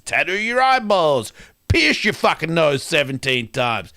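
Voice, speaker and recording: A man doing a profane stand-up rant, swinging between loud outbursts and quiet asides. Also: sits high, big pitch swings, unhurried. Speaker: comedian.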